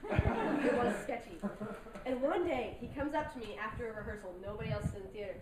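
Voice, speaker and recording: Young woman comic, high voice, giggly, chatty, echoey hall heard from far off, noisy. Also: brisk, over a noisy crowd. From North Carolina mountains. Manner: giggly, chatty, self-deprecating, laughs between lines. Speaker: stand-up comedian. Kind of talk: stand-up comedy set. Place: large hall with an audience.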